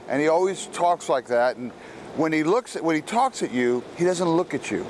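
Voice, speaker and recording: A man's voice: on the high side, expressive, normal speed, a little mellow, a little hiss or hum. A man giving a gospel reflection, telling a story in a conversational way and acting out the people in it. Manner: conversational, acts out the people in his stories.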